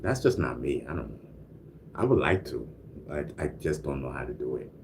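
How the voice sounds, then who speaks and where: This man's bass voice has a sing-song lilt, and he talks fairly quickly while hosting a casual livestream, reading viewer comments between loose chatter. Easygoing, he often laughs, coughs and says "you know what I mean." His single mic picks up a little hiss or hum.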